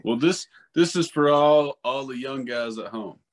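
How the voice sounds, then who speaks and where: A man in his thirties hosting a casual chat, talking in a rambling, profane, animated way. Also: mid-range voice, a little slow. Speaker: podcast host.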